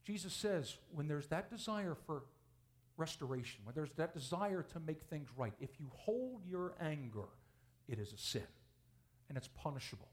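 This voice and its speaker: Male pastor, fairly high voice, preaching with big swings in pitch and volume. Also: sing-song, normal speed. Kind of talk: sermon.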